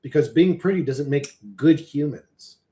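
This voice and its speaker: A man's voice: on the high side, a little slow, warm tone. A man in a casual, rambling live-stream chat, swearing freely and chuckling often as he talks.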